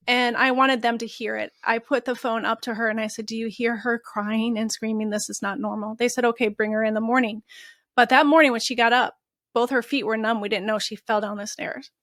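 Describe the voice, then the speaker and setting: A woman's voice: fairly high pitch, fairly bright tone, dry recording. A woman guest telling an emotional story in an interview, earnest and candid. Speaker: guest, mother of a patient.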